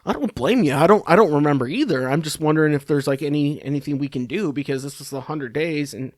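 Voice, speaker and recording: A man's voice: a little high, fast, a little mellow, no echo, clean studio sound. A man hosting a podcast, giving casual political commentary in a rambling, sarcastic, profane way. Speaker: podcast host.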